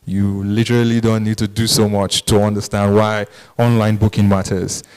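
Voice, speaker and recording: A man's voice: lowish voice, little pitch movement, moderate pace, a little mellow, smooth, poor audio. A man presenting at a business masterclass, explaining points with frequent "um" fillers and "right?" tags. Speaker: e-commerce speaker at business masterclass. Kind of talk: conference presentation.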